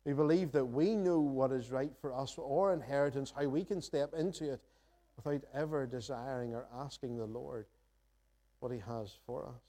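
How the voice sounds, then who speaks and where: A man delivers a sermon from the front of a church with a mellow, warm tone. He speaks earnestly and reflectively, reading scripture aloud and asking the congregation searching questions. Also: mid-range voice, normal speed. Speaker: pastor. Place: church sanctuary.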